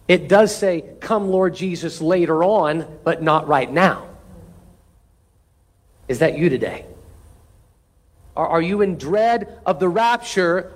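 A man with a high voice preaching a sermon. He reads scripture with rising intensity and slips into folksy, joking asides between the verses. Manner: animated preaching, rising in pitch and force when reading scripture aloud. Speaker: pastor.

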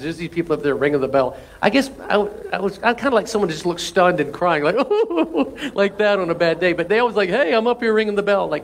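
A man pastor preaching a sermon, animated, with laughing asides, swinging from loud exclamations to soft, intimate lines. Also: sits high.

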